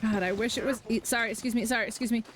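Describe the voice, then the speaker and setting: A woman's voice: on the high side, steady tone, very fast. A woman chatting casually and giggling while she plays a game on stream. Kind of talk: casual gameplay commentary. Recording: faint noise over game sound.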